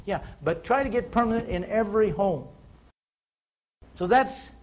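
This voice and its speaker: A man's voice: high voice, expressive, normal speed, slight background noise, low-quality recording. A man giving a folksy sales training talk, telling stories and building to emphatic points about insurance. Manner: folksy, storytelling, rising to emphatic. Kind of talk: seminar talk.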